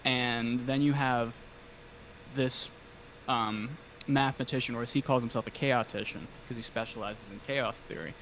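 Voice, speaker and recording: A man's voice: mid-range voice, fairly even intonation, normal speed, a bit bright, a little hiss or hum. A man talking as a podcast guest in casual conversation, hesitant and full of ums and restarts, enthusiastic as he talks. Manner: enthusiastic fan talk.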